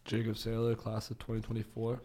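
A man's voice: fairly low pitch, monotone, fairly quick, warm tone. A young man in his twenties, co-hosting on college radio and giving short replies. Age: 20s. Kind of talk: casual chat. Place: campus radio studio.

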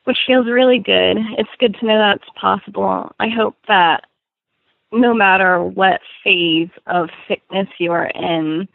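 Brief: young woman in her twenties, short of breath, gravelly fry, dull lo-fi sound. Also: medium pitch, fairly even intonation, unhurried, no room sound. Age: 20s. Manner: chatty, laughs often, restarts. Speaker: guest author. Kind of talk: casual podcast interview. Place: home in Florida. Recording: dull lo-fi audio.

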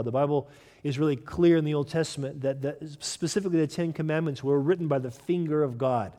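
A man's voice: fairly high pitch, darkish tone, big-room sound. A man preaching a sermon as pastor, emphatic and earnest, often restarting and repeating words as he builds a point.

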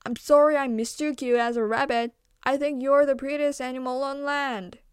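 A woman's voice: high voice, steady tone, normal speed, dry recording, studio quality, natural voice. A woman doing an eager, timid turtle. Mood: apologetic. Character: timid, eager male soft-shelled turtle.

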